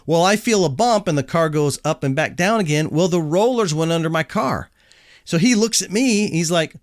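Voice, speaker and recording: A middle-aged man telling a casual personal anecdote in an animated, self-deprecating way, chuckling as he goes. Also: a little high, fairly quick, dry recording, studio quality. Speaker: storyteller.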